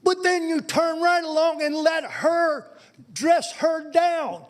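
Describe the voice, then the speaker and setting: Public commenter, male, very high pitched, slow and deliberate, hostile and cutting. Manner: angry, insulting, confrontational. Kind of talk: public comment at a county board meeting. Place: county board meeting room at a podium.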